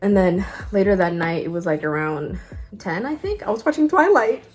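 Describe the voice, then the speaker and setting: A young woman vlogger telling a casual storytime, acting out quoted lines with quick asides. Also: medium pitch, expressive, darkish tone.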